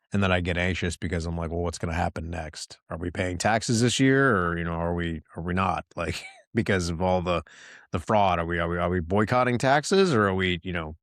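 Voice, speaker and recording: A man's voice: low-pitched, no echo, studio quality. A middle-aged man hosting a solo podcast, talking candidly and rambling with lots of restarts. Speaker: podcast host.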